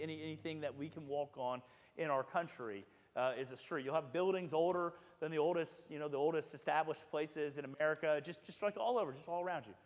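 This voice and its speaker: A man preaching a casual sermon as pastor, chatty and joking, acting out quoted voices. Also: a little high. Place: church sanctuary. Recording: echoey church sanctuary with long reverb.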